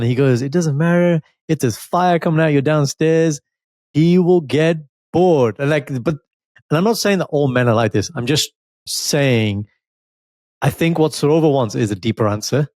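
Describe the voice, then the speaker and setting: Man, casual podcast chat, animated, dry room sound, mid pitch. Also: no echo. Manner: animated, laughs while telling stories. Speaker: podcast co-host.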